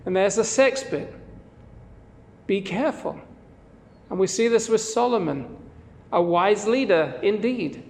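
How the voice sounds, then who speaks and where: A man's voice: sits high, gravelly, long reverb tail. A man preaching a sermon as pastor, in an earnest, conversational way, with quoted readings woven in.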